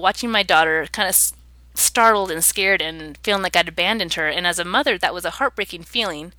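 A woman's voice: lowish voice, bright, forceful tone, no room sound. A woman in her thirties, an interview guest, telling a personal story in an earnest, reflective way.

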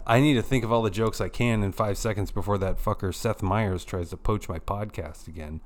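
A man's voice: lowish voice, brisk, few pauses. A man hosting a satirical fake news podcast in a mock-newscaster delivery with profane asides. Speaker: host.

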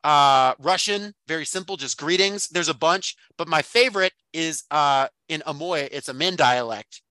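A man's voice: a little high, normal speed, bright, forceful tone, no echo. A man co-hosting a podcast, chatting casually about a book in a thoughtful, rambling way full of fillers and restarts. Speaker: podcast co-host.

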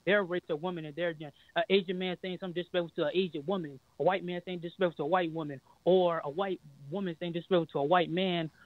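A man's voice: high voice, steady tone, fast, few pauses, no echo. A man from Virginia calling into a show, hesitant and rephrasing himself as he goes. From Richmond, Virginia. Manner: hesitant, rephrases, many fillers. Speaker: caller. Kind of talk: phone-in call. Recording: tinny phone line.

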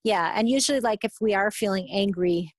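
A woman's voice: medium pitch, brisk. A woman therapist talking through advice in a thoughtful, hesitant way, with many fillers and restarts. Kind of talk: casual conversational advice.

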